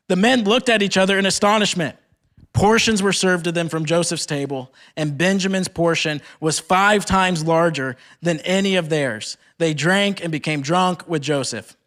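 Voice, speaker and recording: A young man with a notably high voice giving a sermon at a retreat. He moves between reading scripture aloud and retelling the story in loose, chatty speech full of "like". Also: fairly bright tone. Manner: casual retelling peppered with "like". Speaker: speaker at a campus ministry retreat.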